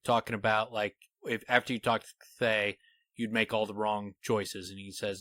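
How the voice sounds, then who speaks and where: A man with a voice on the low side speaks a little fast, recorded with no room sound. As a podcast co-host in casual chat, he eagerly explains his fantasy book theory with animation and reads quotes aloud.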